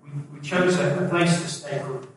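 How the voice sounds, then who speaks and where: In a church hall, a middle-aged male pastor preaches conversationally, putting questions to the congregation. His voice is on the high side and brisk, heard from a distance in an echoey hall.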